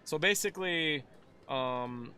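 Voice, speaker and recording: Game master, male, slightly high and bright tone, casual and rambling delivery. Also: slow. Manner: rambling, relaxed, many fillers. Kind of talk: casual tabletop game narration.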